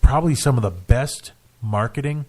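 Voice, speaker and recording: A man co-hosting a casual radio show in a studio, talking in halting restarts with dry jokes. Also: medium pitch, lively intonation, a little mellow. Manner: hesitant, restarts often, dry joking.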